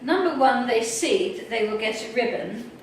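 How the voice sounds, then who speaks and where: A woman with an English accent giving a workshop talk, telling lively stories and acting out what other people said. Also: a little high, normal speed. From England. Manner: lively anecdotal, acts out quoted people. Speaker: workshop speaker. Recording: echoey hall, mic far off, faint noise.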